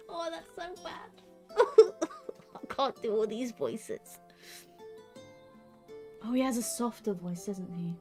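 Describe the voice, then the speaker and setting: A woman's voice: on the high side, big pitch swings, slow, long pauses, a little mellow, faint music behind. Chatty, self-mocking woman streamer. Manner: chatty, self-mocking asides, laughs often. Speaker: game streamer. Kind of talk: casual gaming stream chat.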